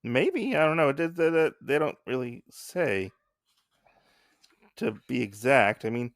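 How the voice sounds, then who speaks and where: A man's voice: medium pitch, unhurried, dry recording, clean studio sound. A man co-hosting a casual podcast, retelling a comic chapter and acting out the characters' lines. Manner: animated, acts out characters' lines while recapping. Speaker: podcast co-host.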